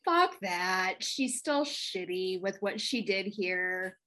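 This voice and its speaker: A woman's voice: mid-range voice, takes it slowly, fairly bright tone. A woman co-hosting a casual panel podcast, blunt and emphatic, swearing freely as she calls people out. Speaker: podcast co-host.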